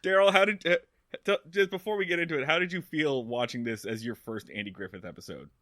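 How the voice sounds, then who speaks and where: A man co-hosting a comedy podcast, talking excitedly in casual chat and swearing freely. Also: on the high side, fast talker, no room sound. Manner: excitable, swearing, jumps into silly quotes. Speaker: podcast co-host.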